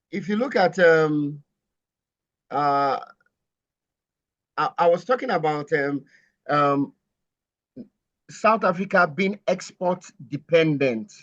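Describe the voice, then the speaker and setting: A man's voice: on the high side, fairly bright tone. Hesitant man discussing trade politics. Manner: hesitant, many fillers and restarts. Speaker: panel guest. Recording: muffled lo-fi sound.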